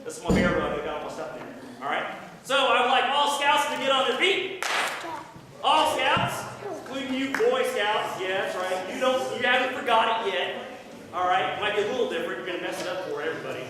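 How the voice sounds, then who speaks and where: A man's voice: high voice, animated, fairly quick, background noise. A man playing a rowdy backwoods bobcat mountain man at a scout ceremony, hammy and teasing, recorded from far off in an echoey hall. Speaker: costumed ceremony character.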